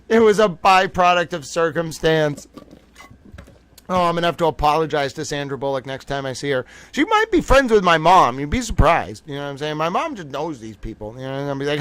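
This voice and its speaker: A man's voice: on the high side, sing-song, moderate pace, fairly bright tone, smooth, no room sound. A man hosting a livestream, chatting casually, joking and reading the chat aloud. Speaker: livestream host.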